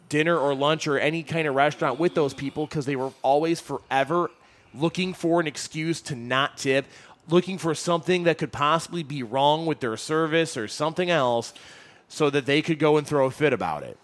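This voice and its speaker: A man's voice: a little high, fairly quick. A man co-hosting a radio show, talking in blunt, joking banter and ranting about bad customers. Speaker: radio co-host.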